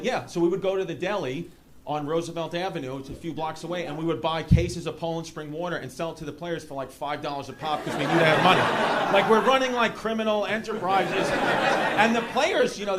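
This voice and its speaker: A man from New York City with a New York accent, doing a stand-up comedy set with rambling, animated storytelling. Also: high voice. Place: comedy club stage. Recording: live club room with audience noise. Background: audience laughter.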